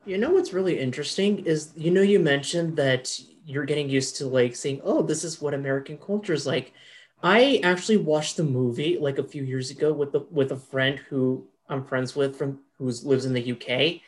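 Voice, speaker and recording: A young man, a guest on a podcast, telling a story in relaxed casual chat with "you know" fillers. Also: fairly high pitch, normal speed. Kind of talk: casual chat about a movie.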